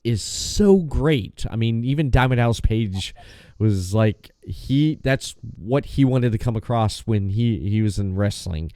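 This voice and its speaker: Low mellow-voiced male podcast host. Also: lively intonation, no room sound. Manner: enthusiastic, halting with repeated restarts, swears casually. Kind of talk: casual podcast chat.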